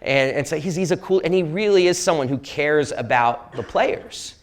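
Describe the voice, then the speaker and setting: A man's voice: on the high side, lively intonation, normal speed. A man tells stories to a live audience in a university lecture hall. His delivery is loose and conversational, full of fillers, restarts and asides. He jokes with the crowd as he goes along. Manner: rambling, jokey, with many fillers and restarts. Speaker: sportswriter giving a public talk. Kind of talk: casual storytelling talk to an audience.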